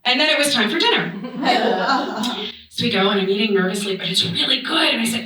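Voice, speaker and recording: A playful woman from Massachusetts performs stand-up, often laughing. Her voice is a little high and swings widely in pitch. The mic is distant and the club sounds roomy and noisy. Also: animated, quick pace, long pauses, sharp tone. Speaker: stand-up comedian. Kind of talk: stand-up comedy set. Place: comedy club stage.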